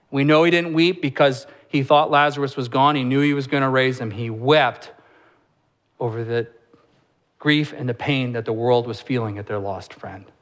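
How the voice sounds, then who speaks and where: A man preaching a sermon as pastor, explaining scripture in a conversational way with rhetorical questions and joking asides, slowing down and going soft on the solemn lines. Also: mid-range voice.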